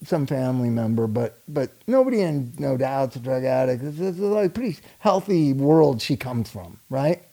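Gravelly man rambling through a story. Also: mid-range voice, expressive, moderate pace, few pauses, warm tone. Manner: rambling storyteller, laughs often, swears freely. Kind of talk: casual chat.

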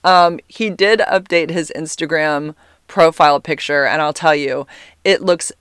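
A woman hosting a podcast, telling a story in an animated, chatty way and retelling conversations. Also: sits low, measured pace, clear, resonant tone, no room sound, studio quality. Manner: animated, retells texts and calls, laughs often. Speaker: podcast host. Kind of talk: casual storytelling.

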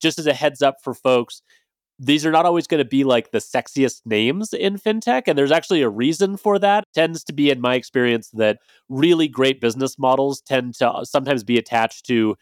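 A man's voice: mid-range voice, fairly quick, dry recording, studio quality. A man hosting a podcast in a casual, chatty way, with loose phrasing and hedging fillers. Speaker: podcast host.

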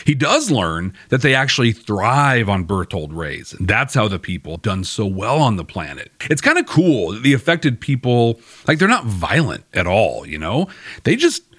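With a fairly low, husky and fairly bright voice, this podcast host narrates a casual review of a TV episode at a moderate pace, his pitch swinging widely. He's chatty and wry and chuckles at his own jokes. The studio sound is clean, with no room sound.

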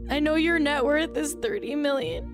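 A woman hosting a comedic gossip show, trading sarcastic jabs for mock-solemn, hushed asides. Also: sits high, moderate pace, over music. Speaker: host.

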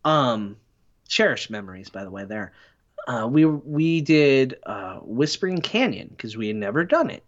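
A man's voice: medium pitch, big pitch swings, unhurried. Man, podcast guest, rambling storyteller, self-deprecating, slightly dull lo-fi audio. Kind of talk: casual podcast chat.

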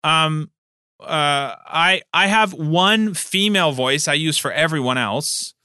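Animated man with a bright, lively voice. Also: on the high side, slow, clear, resonant tone, no echo, studio quality. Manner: animated, laughs often. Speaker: podcast co-host and game master. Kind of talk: casual chat.

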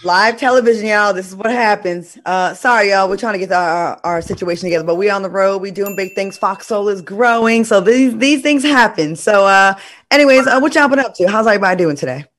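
Talk show host, chatty, teasing, lively, casual banter, middle pitch. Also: fairly quick. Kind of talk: casual chat.

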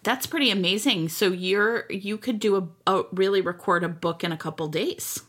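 A woman hosts a podcast and interviews her guest with friendly curiosity. Her voice is bright and clear, sitting at a medium pitch, in a relaxed, conversational delivery. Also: normal speed. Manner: friendly, asks questions. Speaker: author and podcast host. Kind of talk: casual interview chat.

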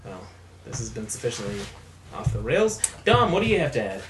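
A man co-hosting a podcast who teases his friends in animated, casual banter. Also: mid-range voice, fairly quick, roomy sound, a crowd in the background. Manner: teasing, animated. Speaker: podcast co-host.

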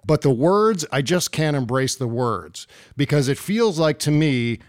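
A man hosting a talk podcast, with a slightly higher voice than most men. He speaks in a measured, announcer-like way. The sound is dry and close, with no room echo. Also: expressive. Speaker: podcast host. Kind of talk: casual podcast talk and lyric reading.

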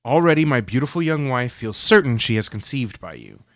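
A man reads a story aloud on a podcast, his pitch swinging up and down as he gives the quoted lines little voices. The sound is close and dry, with no room echo. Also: big pitch swings, a little fast. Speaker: podcast co-host. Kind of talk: casual chat and story reading.

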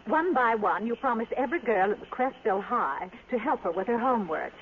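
A woman's voice: a little high, animated, a little fast, phone-quality sound. An actress playing a poised, self-assured woman in a 1940s radio play, teasing in a dry way, on a scratchy old broadcast. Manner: dry, gently teasing delivery. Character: poised, sure-of-herself career woman, teasing.

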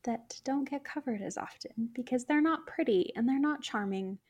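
A woman's voice: on the high side, normal speed, a little mellow, husky, muffled recording. A woman co-hosting a podcast in casual chat, talking with many "like" fillers and light laughs. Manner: chatty, frequent "like" fillers, laughs while talking. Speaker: podcast co-host.

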